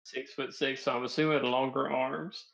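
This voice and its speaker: A man's voice: medium pitch, little pitch movement, moderate pace, vocal fry, a bit bright. A man playing a tabletop game, eager and playful as he describes his fighter. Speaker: player.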